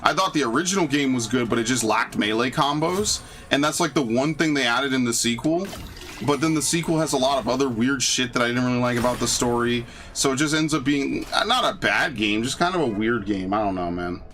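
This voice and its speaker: A man's voice: mid-range voice, brisk, fairly bright tone, slight background noise. A young man casually commenting on a game playthrough, rambling and swearing freely. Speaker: gaming YouTuber. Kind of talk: casual let's-play commentary.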